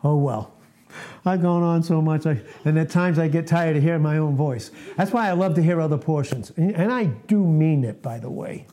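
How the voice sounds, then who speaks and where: A mellow-voiced man in his late sixties gives a conversational sermon to a fellowship, earnest and quick to laugh at himself. His voice sits a little high for a man. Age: 60s. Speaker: preacher.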